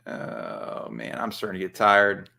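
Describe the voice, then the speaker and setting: A man's voice: low-pitched, very animated, measured pace, creaky, sharp tone. A man hosting a casual livestream chat as a comic shop owner, laid-back and crude.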